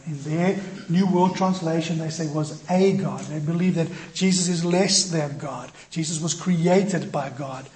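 A male pastor preaching a sermon, telling a personal story in an animated, self-deprecating way and acting out the voices in it. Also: fairly high pitch, a little slow, hardly any pauses. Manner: animated, self-deprecating, acts out quoted dialogue. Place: church.

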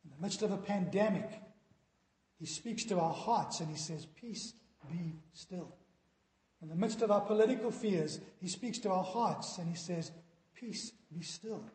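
Speaking at a normal pace, a man with a high, slightly mellow voice preaches to his church. He asks the congregation earnest questions, his words carried by the sanctuary's long, echoing reverb.

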